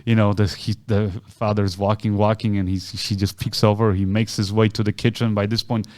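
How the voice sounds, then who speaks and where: A man co-hosting a podcast, casually retelling a story and acting out the voices of the people in it with big jumps in pitch. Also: little pitch movement, fairly quick, darkish tone. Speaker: podcast co-host.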